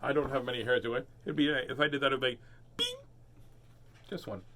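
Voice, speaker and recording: A man's voice: mid-range voice, fairly even intonation, fairly quick, bright, forceful tone. A man reading a children's picture book aloud, breaking off for playful jokes and asides. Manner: playful, joking asides, voices characters. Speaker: storybook reader.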